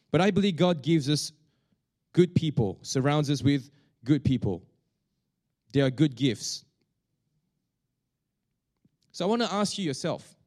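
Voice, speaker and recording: Man, pastor, sermon, halting, lots of restarts, fairly high voice. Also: darkish tone. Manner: halting, many restarts and fillers.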